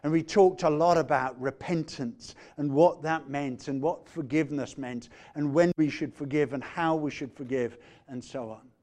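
A man preaching a sermon, measured, letting phrase endings fall quiet and growing animated when he retells a story. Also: fairly high pitch. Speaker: pastor.

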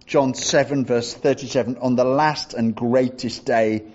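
A man preaching a sermon in a measured, reflective way, repeating phrases for emphasis. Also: mid-range voice, fairly even intonation, a little mellow, muffled recording.

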